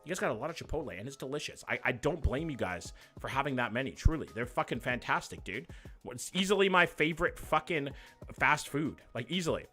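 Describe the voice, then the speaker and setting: Bright-voiced young man chatting on a livestream. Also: mid-range voice, big pitch swings, brisk, slightly rough, faint music behind. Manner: loose, profane, joking banter. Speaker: livestream host. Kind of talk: casual live chat reading viewer comments.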